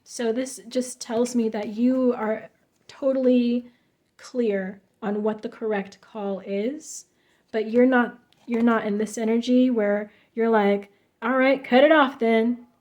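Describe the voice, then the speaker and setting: Chatty woman doing a tarot reading, kinda high voice, lots of um and like. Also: fairly even intonation, slow, warm tone. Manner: emphatic, chatty, many fillers and restarts. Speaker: tarot reader. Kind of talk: casual spoken tarot reading.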